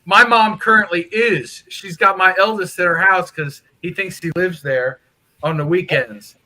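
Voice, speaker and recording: A man's voice: sits high, measured pace, sharp tone, low-quality recording. A man chatting casually in a group, telling a long, rambling story about family. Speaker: open mic participant.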